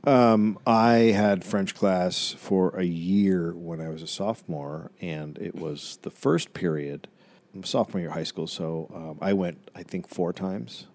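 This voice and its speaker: A man's voice: low-pitched, unhurried, darkish tone. A man co-hosting a comedy podcast, telling a history story in a casual, offhand way with crude asides.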